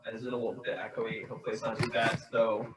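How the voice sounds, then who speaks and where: A man's voice: lowish voice, little pitch movement, fast, noisy background. A young man, a student presenter, speaking casually from an echoey room far from the mic. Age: young adult.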